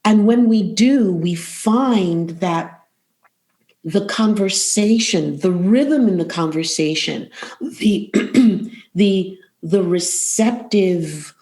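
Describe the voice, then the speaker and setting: Slow, expressive woman vocal coach. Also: medium pitch. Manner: expressive, rhythmic, repeats phrases for emphasis. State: emotional, close to tears. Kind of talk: podcast interview guest.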